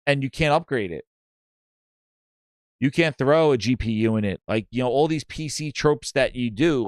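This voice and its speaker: A man's voice: mid-range voice, normal speed, clean tone, no echo, studio quality. A man hosting a gaming news show, rambling and mocking in casual chat, with many restarts. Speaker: gaming podcast host.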